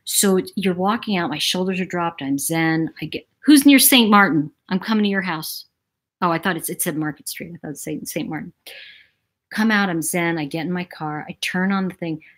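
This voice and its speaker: A woman from New York City hosting a casual livestream, talking in a chatty, animated way and reading out viewer comments. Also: fairly low pitch, brisk. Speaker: livestream host. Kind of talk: casual live-chat monologue.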